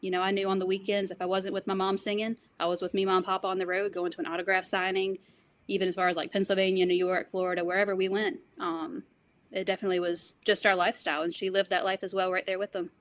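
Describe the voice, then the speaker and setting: A woman speaking briskly as a podcast guest. She tells stories with energy and slips into other people's voices. Her pitch sits in the middle range. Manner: fast, animated storytelling, quotes others' voices. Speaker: guest, wrestler's granddaughter. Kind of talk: podcast interview, personal stories.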